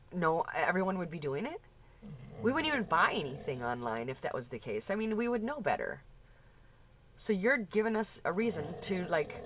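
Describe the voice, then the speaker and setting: A vlogger who got scammed rants angrily to camera at the scammer, cursing and repeatedly restarting and repeating sentences. The voice is medium-pitched with a fairly bright tone. There's slight background noise.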